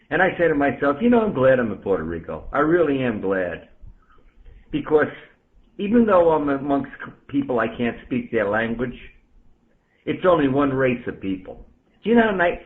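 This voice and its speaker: A ham radio operator from the Bronx, New York, rants bluntly on an amateur radio channel, his mid-range voice rising and falling with lively emphasis. He repeatedly calls out other listeners by name, all heard through a narrow, tinny radio signal.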